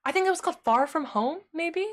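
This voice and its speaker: A woman's voice: extremely high pitch, lively intonation, a little fast. A woman streamer chatting casually with her live chat. She rambles, fills her talk with "like" and laughs often.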